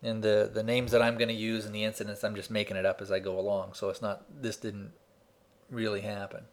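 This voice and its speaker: A man giving an instructional talk, explaining his points in a measured way and telling an example story step by step. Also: on the low side, little pitch movement. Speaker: speaker teaching persuasion.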